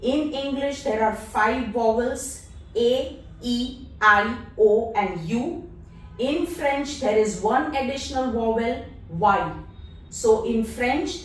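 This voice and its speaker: Female teacher, unhurried and deliberate, spelling things out step by step; distant mic, roomy echo. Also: a little high. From India. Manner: patient, spells out letters one at a time. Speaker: language teacher. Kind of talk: slow, deliberate lesson explanation. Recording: echoey room, voice off-mic.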